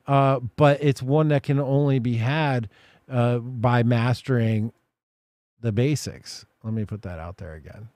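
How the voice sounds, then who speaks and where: A man's voice: mid-range voice, unhurried, a little mellow, no echo. A man hosting an interview, talking at length in a reflective way. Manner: reflective, talks through ideas at length. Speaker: podcast host. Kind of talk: conversational interview.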